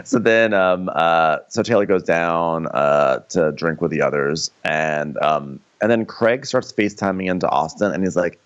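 A man's voice: unhurried, muffled recording. A man co-hosting a comedy podcast, recapping a reality show and acting out the cast in squealy voices. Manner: animated, acts out cast members in high squealy voices. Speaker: podcast co-host.

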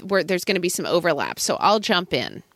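Woman, 30s-40s, lowish voice, animated chatty podcast co-host, dry close mic. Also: fairly quick, no room sound. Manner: chatty, opinionated, frequent "like". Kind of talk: casual food chat.

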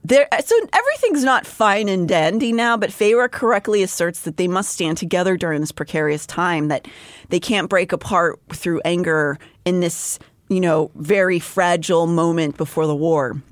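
Woman podcast co-host, lower voice, relaxed plot recap with frequent laughs, dry studio sound. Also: normal speed, dry recording. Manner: laughs often, summarizes plot conversationally. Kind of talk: casual book discussion.

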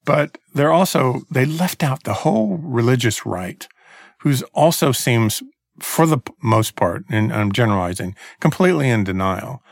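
A man's voice: medium pitch, lively intonation, normal speed, creaky, dry recording. A man co-hosting a casual chat about a documentary, speaking earnestly and thoughtfully, with frequent restarts. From Texas.

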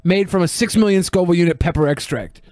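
A man's voice: high-pitched, fast talker, darkish tone, no echo. A man co-hosting a podcast in casual chat, telling rambling stories with a wry edge. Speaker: podcast co-host.

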